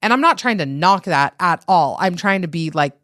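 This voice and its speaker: A woman's voice: lowish voice, animated, moderate pace, a bit bright, dry recording, studio quality. A woman from Utah, a podcast guest in casual chat, rambling with many fillers.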